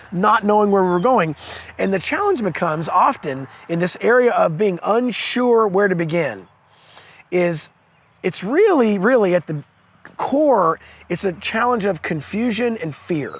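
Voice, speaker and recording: A man's voice: high voice, a bit bright, slightly rough. A man hosting a fathering video series, giving an earnest, casual devotional talk with chuckles and quoted scripture, recorded outdoors on location.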